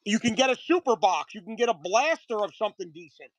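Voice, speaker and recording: A live-stream host selling card breaks, chatting casually and greeting viewers by name, with a voice that is getting a little hoarse. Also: medium pitch, animated, fast talker, dry recording, low-quality recording.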